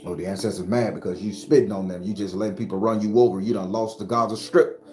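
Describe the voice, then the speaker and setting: A man's voice: fairly low pitch, steady tone, fast, mellow. A man giving an emphatic, profane spiritual talk with a preacher-like cadence, speaking as the channel's host. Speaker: spiritual advisor. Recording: roomy echo with faint music.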